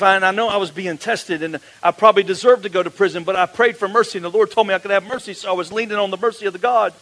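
A man's voice: high-pitched, a bit bright, low-quality recording. A male pastor preaching, telling his story with acted-out dialogue in a folksy, emphatic way. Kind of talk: sermon testimony storytelling.

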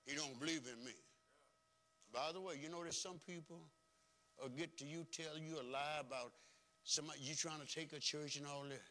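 A man preaching a folksy, emphatic sermon as pastor, swinging between soft and loud. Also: a little high, steady tone, normal speed. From rural background.

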